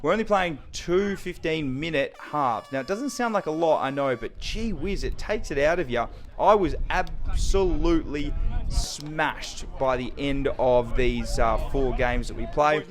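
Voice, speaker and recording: Excitable Australian bloke calling his own footy. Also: fairly high pitch, a little slow. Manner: excitable, slangy play-by-play. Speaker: footy player narrating his own game footage. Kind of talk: mic'd-up sports commentary.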